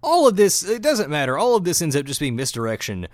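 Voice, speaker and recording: A man co-hosting a podcast who recaps a TV episode as an animated storyteller, full of mock outrage. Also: on the high side, quick pace, no room sound, clean studio sound. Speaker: podcast co-host. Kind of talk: casual episode recap chat.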